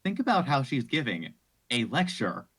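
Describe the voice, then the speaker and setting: A man's voice: mid-range voice, very animated, moderate pace, a bit bright, slightly rough. A young man in casual chat critiquing a film, dry and argumentative with some swearing. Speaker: co-host.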